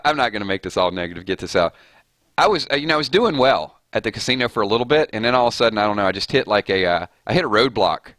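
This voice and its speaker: Male streamer, rambling and fired up; crisp forceful tone, close dry mic. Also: medium pitch, dry recording. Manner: fired-up, rambling, laughs often. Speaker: gaming streamer. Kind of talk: casual live-stream chat.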